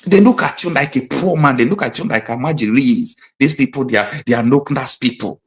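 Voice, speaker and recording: Nigerian male stream host, mid-pitched, fervent commentary, hammers points by repetition. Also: brisk. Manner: impassioned, repeats his points for emphasis. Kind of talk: live-stream political commentary.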